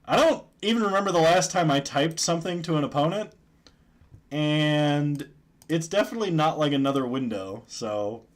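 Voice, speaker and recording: A man's voice: fairly high pitch, expressive, moderate pace. A man streaming a card game, giving casual, joking commentary and chuckling often.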